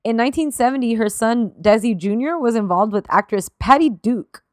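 A woman with a slightly high voice speaks briskly, recorded dry and clean in a studio. She's co-hosting a podcast and telling a story from notes, partly reading it and partly chatting casually. She gets emotional, laughing through tears and swearing freely.

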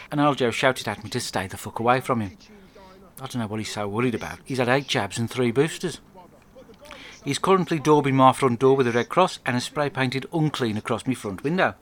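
A blunt, foul-mouthed man rambles through a deadpan comic video diary. His voice sits at an ordinary middle pitch, close to the mic in a quiet room at home. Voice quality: crude, blunt, rambling storyteller. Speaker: comic monologue narrator.

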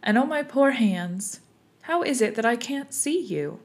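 A woman's voice: a little high, expressive, measured pace, voice pushed up. A woman voicing a polite, truthful little girl in a storybook reading, earnest and a little indignant.

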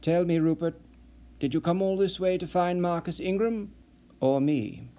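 A seasoned, shrewd spy who picks his words with dry, pointed care, as a male narrator plays him. His voice is dark and mellow, at the narrator's own everyday pitch. He sounds steady and probing. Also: moderate pace, close to an everyday voice.

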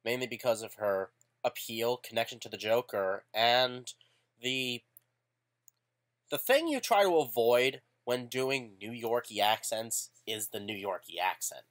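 Animated, opinionated podcast co-host, a man. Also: mid-range voice, a little slow. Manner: animated, opinionated, swears offhand. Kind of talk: casual podcast chat.

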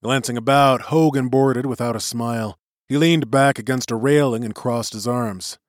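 A man narrating a chapter of a novel in an expressive storytelling voice. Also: medium pitch, normal speed, no room sound, studio quality. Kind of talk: audiobook narration.

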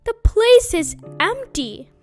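A woman's voice: very high voice, very animated, takes it slowly, darkish tone, soft background music, pitched above the performer's own voice, heavily acted. A woman doing a hearty badger.

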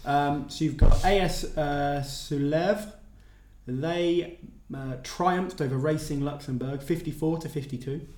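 Man, slightly high voice, casual sports co-host, chatty, roomy echo. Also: unhurried, darkish tone. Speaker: co-host reading sports results. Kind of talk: casual podcast chat. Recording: echoey room.

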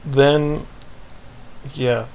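A man's voice: medium pitch, fairly even intonation, drawn-out words, a little mellow, slight background noise. A man co-hosting a podcast, chatting casually as he recaps a TV episode, rambling, laughing and acting out quoted lines. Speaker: podcast co-host.

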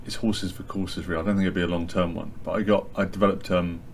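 A man telling a lively anecdote as a podcast guest, acting out his friends' lines. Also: deep voice, fast talker, slight background noise. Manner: animated storyteller, acts out friends' lines.

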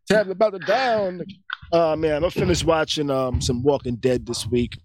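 A man with a slightly high voice hosts a casual podcast. He rambles through stories in a loose, profane way. The sound is dry and close, with little room around it. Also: a little fast, darkish tone, no room sound. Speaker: podcast host. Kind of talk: casual chat.

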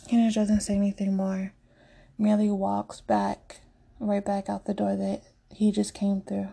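A woman narrating a story slowly, in a hushed voice that often drops to a half-whisper. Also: medium pitch, completely flat delivery, creaky, slightly rough.

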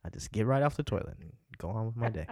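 A man's voice: fairly low pitch, lively intonation, quick pace, creaky, mellow, slightly rough, no echo, clean studio sound. A man in his twenties co-hosting a podcast, chatting in a loose, rambling way with plenty of swearing. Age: 20s. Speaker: podcast co-host. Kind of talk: casual chat. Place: indoors by a window.

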